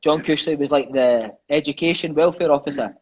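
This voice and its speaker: He's a former footballer from Scotland, in his thirties, telling stories in a laid-back chat with a fairly high pitch and a brisk delivery. Expect plenty of swearing, lots of energy, and a steady stream of "mate" and "eh." The audio is dull.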